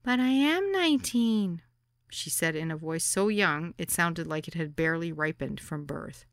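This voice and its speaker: Brief: female memoir narrator, wry deadpan delivery, bright crisp tone, lower pitch. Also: normal speed, no echo, clean studio sound. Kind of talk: audiobook memoir reading.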